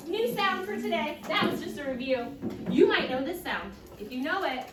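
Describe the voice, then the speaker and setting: A woman teaching a phonics lesson to a first grade class, animated and coaxing, modeling each sound slowly. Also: sits high. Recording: roomy, distant, background noise.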